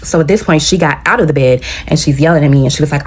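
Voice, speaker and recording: A woman's voice: sits low, quick pace, a little mellow, husky. A woman telling a story in a casual storytime style, retelling it with animation and acting out the quoted dialogue.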